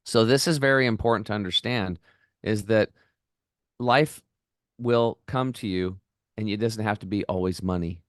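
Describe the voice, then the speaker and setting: A middle-aged man, a podcast guest, telling stories in an excited, rambling way and acting out the voices of the people in them. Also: on the low side, moderate pace, long pauses, no echo, studio quality. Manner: enthusiastic, rambling, acts out quoted voices. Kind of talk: excited storytelling interview.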